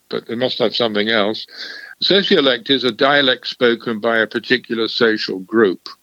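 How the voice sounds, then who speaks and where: A man's voice: fairly low pitch, a bit bright, no room sound. Older guy lecturing, dry dull-ish sound, chuckles now and then. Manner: discursive, lecturing, with small chuckles. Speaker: language expert. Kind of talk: radio interview.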